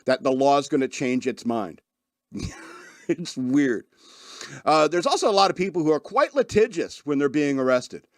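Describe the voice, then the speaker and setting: Brief: rambling wry male podcast host, slightly high voice, very dry close sound, frequent laughs. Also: lively intonation, moderate pace, no echo. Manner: wry, rambling, laughs often, self-deprecating. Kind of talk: casual chat.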